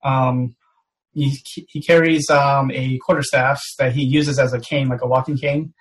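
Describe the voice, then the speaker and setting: A man's voice: medium pitch, flat delivery, a little slow, poor audio. A man playing a tabletop game, describing his character hesitantly with many fillers. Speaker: player. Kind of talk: casual tabletop role-play.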